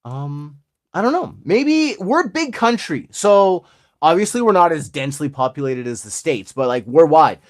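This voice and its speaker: A man in his forties from Alberta, with an Albertan Canadian accent, hosts his channel and opens card packs while joking and chatting with viewers, addressing them directly. His voice is a little high and sing-song, at normal speed.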